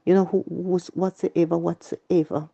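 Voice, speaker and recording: A woman's voice: on the low side, level tone, normal speed, creaky, warm tone, muffled recording. A woman with a Jamaican accent telling her personal story in earnest, repetitive Patois. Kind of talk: emotional personal testimony.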